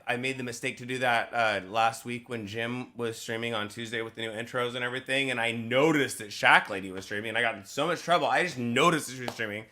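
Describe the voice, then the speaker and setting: A man with a bright, forceful voice tells rambling stories about his work as a process server, swearing freely. He is heard over an online voice call. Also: mid-range voice. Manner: profane, rambling storyteller. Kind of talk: casual group call chat.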